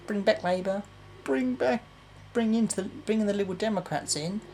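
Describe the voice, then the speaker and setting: A woman's voice: mid-range voice, animated, moderate pace, dark tone, slight background noise. A young woman ranting to camera, exasperated and repetitive, with some swearing. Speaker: vlogger. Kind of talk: political rant to camera.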